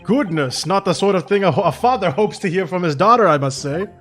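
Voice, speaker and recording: A man voicing a courteous middle-aged professor speaking formally and fatherly to his daughter, in a high register for a man. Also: expressive, a little fast, soft background music.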